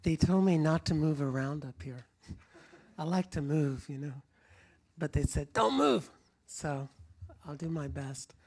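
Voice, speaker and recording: A middle-aged man from rural Kentucky, now with a General American accent, telling stories at a public talk in a rambling, warm-hearted way with frequent restarts. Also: fairly high pitch, fairly even intonation, measured pace. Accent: General American, Kentucky accent trained out. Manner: rambling, restarts often, chuckles, moves around. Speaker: public speaker. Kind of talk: storytelling talk to an audience. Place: lecture room before a live audience.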